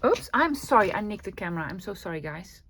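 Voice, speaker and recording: A woman's voice: mid-range voice, big pitch swings, quick pace, background noise. A woman with a Dutch accent chatting casually while crafting at her desk, thinking aloud and answering her own questions. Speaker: crafting vlogger.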